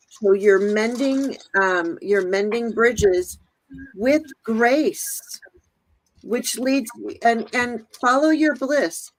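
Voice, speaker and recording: A woman's voice: fairly high pitch, extremely slow, poor audio. Meandering woman reading oracle cards. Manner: meandering, thinks aloud, searches for words. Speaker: tarot and oracle card reader. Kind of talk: card reading for viewers.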